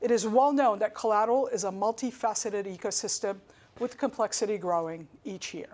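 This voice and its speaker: A woman's voice: mid-range voice, darkish tone. Woman giving a formal speech. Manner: measured, formal delivery. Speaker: conference speaker.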